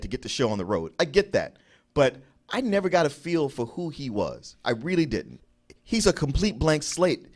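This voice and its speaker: Lively man critiquing a film. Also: medium pitch. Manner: reasoned, measured critique with some hesitations. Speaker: film review co-host. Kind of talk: casual movie review banter.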